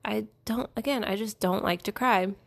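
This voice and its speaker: A woman's voice: medium pitch, moderate pace, vocal fry. A young woman in casual personal storytelling, chatty and rambling with many fillers. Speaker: podcast host.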